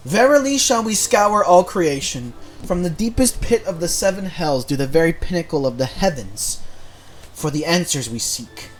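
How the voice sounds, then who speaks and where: A man's voice: on the high side, expressive, moderate pace, faint music behind, close to an everyday voice. A man voicing a pompous, theatrical male inspector, reading game lines in a bombastic, declamatory way.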